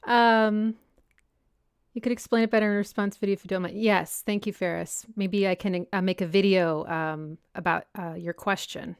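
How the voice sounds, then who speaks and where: Young woman, livestream host, chatty and smooth, close dry mic. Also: mid-range voice, normal speed, dry recording. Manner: chatty, reads out viewer comments and answers them. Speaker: music analysis channel host. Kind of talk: casual livestream Q&A chat. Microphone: personal desk mic.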